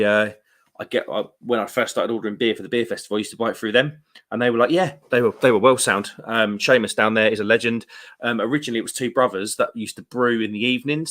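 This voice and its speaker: A man with a British accent hosting a casual live stream, chatty and rambling, with quick laughs and slangy asides. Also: medium pitch, a bit bright. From United Kingdom. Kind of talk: casual live stream chat, reading viewer comments. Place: room at home.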